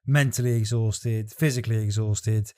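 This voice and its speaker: A young man co-hosting a podcast, telling a story in casual, profane, animated chat. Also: on the low side, moderate pace. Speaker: podcast co-host.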